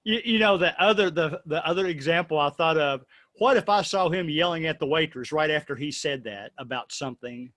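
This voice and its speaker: Male host, playful and rambling, slightly high voice, dry close sound. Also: brisk, few pauses, a bit bright, no echo. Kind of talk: casual discussion.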